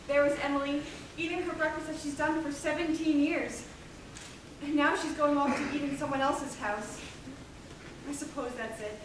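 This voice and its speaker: A woman's voice: high-pitched, lightly acted. A woman playing a middle-aged mother musing sadly before her daughter's wedding, in a stage play. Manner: wistful, sorrowful, musing. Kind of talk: stage acting. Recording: echoey hall, distant mic, noisy.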